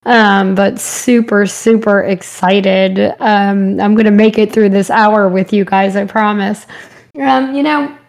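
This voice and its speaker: Rambling, slightly hoarse woman hosting a spiritual stream. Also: medium pitch, little pitch movement, a little slow, hardly any pauses. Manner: warm, rambling, greets viewers by name. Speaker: spiritual show host. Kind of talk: live-streamed spiritual talk.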